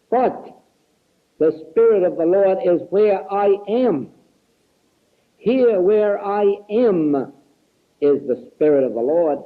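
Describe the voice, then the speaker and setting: A man's voice: high-pitched, phone-quality sound. A man giving an earnest spiritual lecture, stressing key words again and again, heard on an archival tape recording. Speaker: spiritual teacher.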